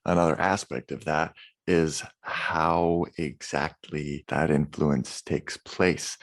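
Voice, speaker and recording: A man hosting a podcast interview, speaking slowly and measuredly and affirming his guest. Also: a bass voice, vocal fry, no echo. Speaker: podcast host.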